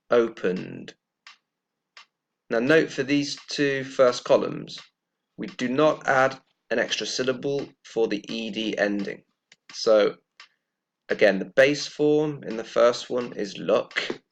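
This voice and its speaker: A man teaching English pronunciation, speaking slowly and deliberately and repeating each example word with care. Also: medium pitch, vocal fry. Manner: slow and deliberate, repeating words carefully. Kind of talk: slow, careful pronunciation lesson.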